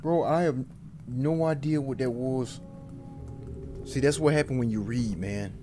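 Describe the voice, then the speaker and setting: A man streaming a horror game, jittery, talking back to it and insisting he is not scared, swinging between loud outbursts and low muttering. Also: measured pace, over music. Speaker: gaming streamer.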